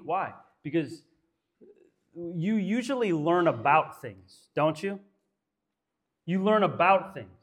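A man preaching a sermon in church, emphatic and full of rhetorical questions. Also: high voice. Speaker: pastor.

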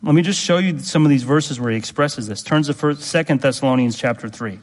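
Male preacher, mid-pitched, earnest and emphatic, repeats lines, asks the congregation direct questions; long hall reverb. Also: a little fast. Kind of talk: sermon.

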